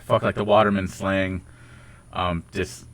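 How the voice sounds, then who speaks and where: An American man chatting casually on a podcast, rambling and halting, with casual swearing. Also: sits low, flat delivery, a bit bright. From United States. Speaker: podcast host. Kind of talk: casual chat.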